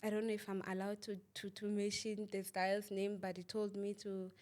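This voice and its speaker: A young woman talks through a painful story as an interview guest. She is halting and repeats herself, with plenty of fillers. She often stops to ask whether the listener understands. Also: mid-range voice, completely flat delivery, a little mellow. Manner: asks "you understand?" often. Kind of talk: emotional personal testimony.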